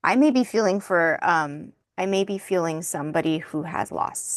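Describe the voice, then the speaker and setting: Soft-spoken emotional woman reading tarot. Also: lowish voice, normal speed, hardly any pauses. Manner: soft-spoken, emotional, thinking aloud with fillers. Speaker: tarot reader.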